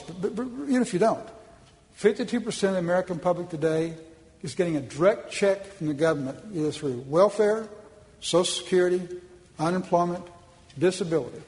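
Man from Oklahoma, high voice, folksy emphatic conference speech, long hall echo. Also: a little mellow. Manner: folksy and emphatic, with repeated restarts. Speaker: speaker at a policy conference. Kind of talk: public speech with slides.

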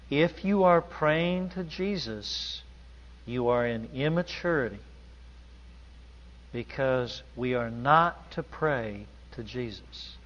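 A man preaching a sermon in an emphatic, deliberate manner in a large church hall. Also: medium pitch, a bit bright. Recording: dull audio with long hall reverb.

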